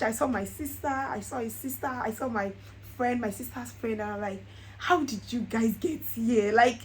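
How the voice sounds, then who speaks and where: Animated woman telling a story. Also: fairly high pitch, a little hiss or hum, poor audio. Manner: animated, laughs often while telling. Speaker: vlogger. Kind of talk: casual storytelling.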